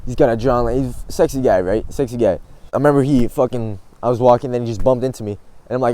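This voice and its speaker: Young male vlogger, warm low-key tone, blunt and profane, self-mocking. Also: fast. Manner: blunt, swears often, laughs at himself. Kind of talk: casual advice monologue.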